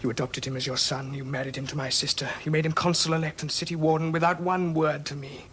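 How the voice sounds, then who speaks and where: An actor playing a bitter young Roman prince. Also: male voice, a little high, level tone, fast, a bit bright, slight background noise, natural voice. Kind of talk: television period drama acting.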